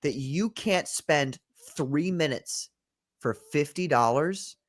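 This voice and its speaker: Profane chatty guy, higher voice. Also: animated, takes it slowly. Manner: loose and profane, reading viewer chats aloud. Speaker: podcast co-host. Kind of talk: casual livestream chat.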